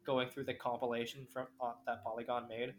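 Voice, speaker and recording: A woman cohosting a casual podcast, playful and quick with reactions. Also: extremely low pitch, little pitch movement, a little hiss or hum. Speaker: podcast co-host. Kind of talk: casual chat.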